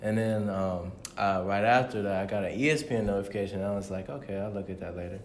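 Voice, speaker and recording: A man's voice: on the low side, fast, roomy sound, a little hiss or hum. A young man co-hosting a podcast, telling a story in a laid-back, slangy way. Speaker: podcast co-host. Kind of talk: casual chat.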